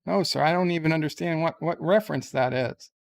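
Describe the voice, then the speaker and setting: A naive, earnest young crewman, as a man puts him on in a comic action-figure skit. He answers with polite eagerness and sounds easily bewildered. His voice sits fairly high with a gravelly edge. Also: brisk.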